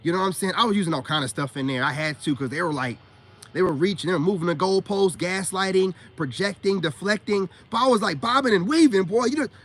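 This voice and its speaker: Here the middle-aged self-styled spiritual coach rants quickly at his livestream audience in a high-pitched, fairly bright voice. He is slangy and emphatic, firing off repeated words in bursts.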